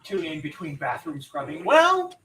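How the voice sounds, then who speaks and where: A man's voice: a little high, moderate pace, faint music behind. A man in his forties chatting casually and jokily while livestreaming a game. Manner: chatty, animated and jokey. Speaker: streamer.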